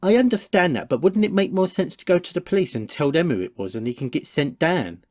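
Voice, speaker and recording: A man's voice: on the high side, expressive, brisk, darkish tone, dry recording, studio quality. A man voicing a timid, nervous young male roommate in a cartoon, hesitant and stammering when put on the spot. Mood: worried. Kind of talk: cartoon voice acting.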